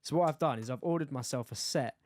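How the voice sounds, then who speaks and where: A man's voice: mid-range voice, fast, a little mellow, no echo, studio quality. A young man co-hosting a podcast in casual chat, cheeky and crude with his jokes. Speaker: podcast co-host.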